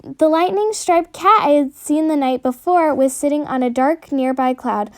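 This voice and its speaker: High-voiced woman reading a storybook. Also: normal speed. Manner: earnest, steady reading aloud. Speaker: reader of her own story.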